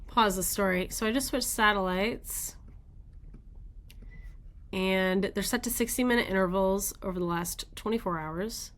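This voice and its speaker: A woman with a mid-range voice and measured pace hosts a daily weather radar show. She thinks aloud as she studies the maps, her commentary casual and rambling.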